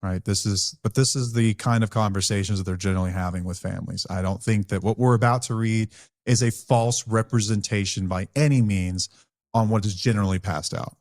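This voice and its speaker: Talking frankly and earnestly on a podcast he co-hosts, this man shares his personal experience with recovery in a blunt, conversational way. He speaks a little fast in a fairly low, darkish voice with fairly even intonation, and the studio sound is clean with no echo.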